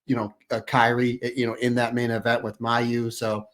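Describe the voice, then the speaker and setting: A man co-hosting a podcast in a friendly, easygoing chat, leaning on "you know" as he talks things through. His voice sits at a middling pitch. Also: monotone, moderate pace, fairly bright tone. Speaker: podcast co-host.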